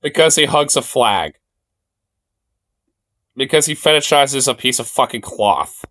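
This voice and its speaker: A man's voice: mid-range voice, lively intonation, measured pace, a bit bright. A male co-host in casual, profane banter, rambling and laughing often as he reacts to clips. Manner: laughing, rambling, swears a lot.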